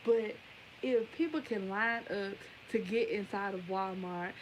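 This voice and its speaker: A woman's voice: medium pitch, measured pace, a little hiss or hum, low-quality recording. Emphatic rambling young woman vlogger. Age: 20s. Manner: rambling, emphatic, talks directly to viewers. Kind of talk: casual opinion rant to camera.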